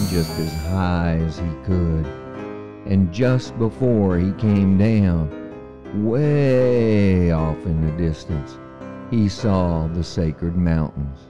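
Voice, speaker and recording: Slow, deep-voiced man telling a story. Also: mellow. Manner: slow, measured and reflective. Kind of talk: storytelling narration. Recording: long hall reverb.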